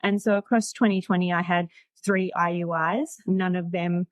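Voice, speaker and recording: Woman in her 40s, guest. Chatty, frank storyteller, lowish voice, dry close sound. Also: steady tone, moderate pace, dry recording. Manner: chatty, frank, laughs easily. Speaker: podcast guest. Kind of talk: casual storytelling.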